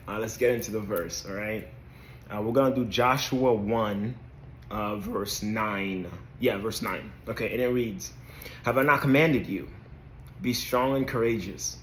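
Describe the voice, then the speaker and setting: A man's voice: on the low side, reverberant, a little hiss or hum. A man hosting a casual devotional talk, hesitant and dotted with "um" and "right?". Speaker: faith video host.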